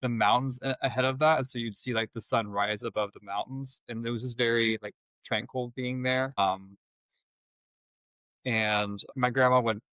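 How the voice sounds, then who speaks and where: A man telling his personal story as a podcast guest, in a halting, reflective way with many restarts. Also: medium pitch, steady tone, a bit bright, dry recording, poor audio.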